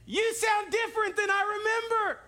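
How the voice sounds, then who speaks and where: A man voicing an innocent little girl from a fairy tale in a high, sing-song, wide-eyed way. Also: a little fast, bright, forceful tone.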